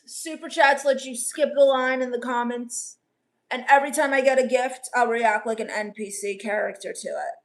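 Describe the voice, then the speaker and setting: A woman whose voice is a little high reads the chat at a moderate pace while hosting a comedy livestream. The drawl is gothic valley-girl, deadpan and gloomy, and her manner is misanthropic and dismissive.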